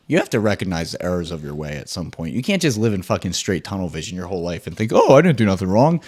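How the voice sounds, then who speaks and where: A man hosting his own podcast, ranting solo in an excitable, profane, rambling way. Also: mid-range voice. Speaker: podcast host.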